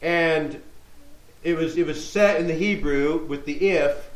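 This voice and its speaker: A man's voice: a little high, unhurried. A man preaching a sermon, teaching verse by verse, reading scripture aloud and checking in with his listeners. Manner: teaching tone, reads scripture aloud, asks rhetorical questions, checks in with "okay?". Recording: echoey room.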